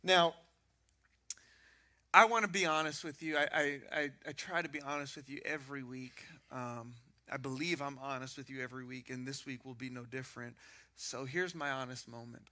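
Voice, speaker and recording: A man preaching a sermon as pastor, telling animated stories with self-mocking humor. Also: medium pitch, normal speed.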